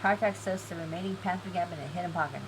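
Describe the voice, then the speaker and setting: A woman's voice: lowish voice, fast, crowd noise, poor audio. A woman live-streaming an online game event, chatty and giggly, reading game text aloud.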